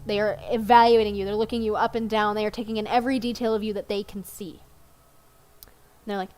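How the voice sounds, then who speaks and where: A woman's voice: mid-range voice, level tone, fast, darkish tone. A woman narrating as game master in a casual, chatty way with plenty of ums.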